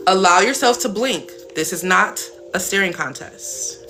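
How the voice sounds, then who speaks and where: A woman's voice: mid-range voice, lively intonation, a little slow, bright, forceful tone, faint music behind. A woman hosting a live stream as a spiritual coach, talking casually and bluntly with some cursing. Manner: blunt, chatty, swears casually.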